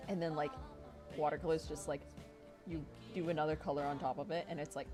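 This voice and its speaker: Woman, streamer, casual chat, profane rant, slightly low pitch, background music. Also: normal speed. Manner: profane, ranting, voices imagined arguments. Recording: music playing behind.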